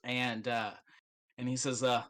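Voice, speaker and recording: Young guy running a tabletop game, casual and sweary, bright sharp voice. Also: medium pitch, flat delivery, measured pace. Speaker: game master.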